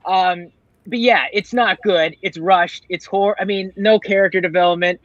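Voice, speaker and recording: High-voiced man ranting profanely. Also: steady tone, normal speed, dry recording. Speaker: podcast panelist. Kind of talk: casual chat. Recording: dull lo-fi dry recording.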